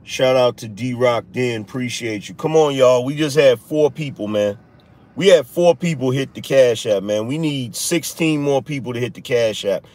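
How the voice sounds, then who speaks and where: A man's voice: mid-range voice, normal speed, a little mellow. A man hosting a live-streamed political show, talking straight to his viewers and mocking critics. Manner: talks to viewers, mocks critics in a raised voice. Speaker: podcast host.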